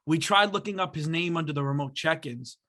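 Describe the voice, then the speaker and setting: Young male podcast co-host, casual storyteller who acts out the voices, bright and high-ish. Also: brisk. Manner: animated storyteller acting out voices. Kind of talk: casual chat.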